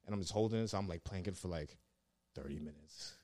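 A man's voice: low-pitched, fast talker, dark tone, dry recording, studio quality. A man telling rambling, profanity-laced stories in casual chat, full of fillers. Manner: laid-back, swears a lot, lots of fillers. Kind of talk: casual storytelling.

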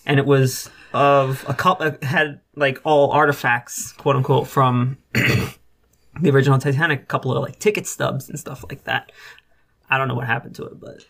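Young guy co-hosting, rambles and swears a lot, ordinary pitch. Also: flat delivery, normal speed, gravelly, a bit bright. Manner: rambling, swears casually, many fillers. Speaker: podcast co-host. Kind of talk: casual chat.

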